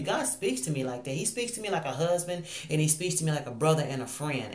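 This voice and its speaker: A woman's voice: low-pitched, animated, quick pace, hardly any pauses, darkish tone, echoey room. A woman ministering online, telling a personal faith testimony in an earnest, confessional way, often repeating phrases.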